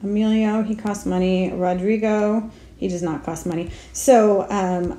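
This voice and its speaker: A woman's voice: lowish voice, dark tone, roomy sound. A woman, a speech therapist, narrating a step-by-step app tutorial, talking herself through each click with casual fillers. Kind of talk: screen-recorded app tutorial.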